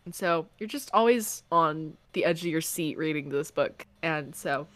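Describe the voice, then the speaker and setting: A woman's voice: sits low, moderate pace, no echo. A young woman co-hosting a casual book podcast, acting out her reactions dramatically. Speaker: podcast co-host.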